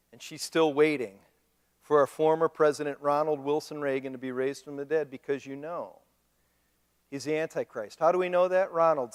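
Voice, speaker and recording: Joking preacher in an echoing church. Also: male voice, fairly high pitch, smooth. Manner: animated, joking, mimics other people. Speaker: pastor. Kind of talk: sermon. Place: church sanctuary. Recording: long reverb of a church hall.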